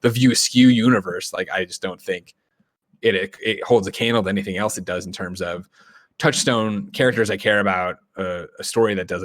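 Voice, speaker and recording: Energetic low-voiced man hosting a podcast. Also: dry recording, studio quality. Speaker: podcast host. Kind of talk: casual podcast chat.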